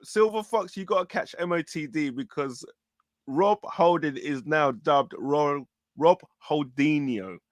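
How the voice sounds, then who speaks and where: A man chatting casually about a match, animated and often repeating his words. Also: on the high side, measured pace, no room sound. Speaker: football fan show co-host. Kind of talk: casual match reaction chat.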